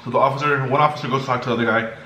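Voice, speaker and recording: A young man vlogging while eating, telling a story in a lively way and acting out the people in it. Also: medium pitch, rapid-fire. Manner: animated, acts out the people in his story. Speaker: mukbang vlogger. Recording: echoey room, faint background noise.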